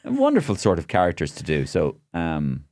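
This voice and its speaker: A man's voice: low voice, huge pitch swings, brisk, darkish tone, no echo, clean studio sound. A middle-aged Irish man, a comedian and impressionist, chatting casually in an interview and slipping into impressions mid-sentence.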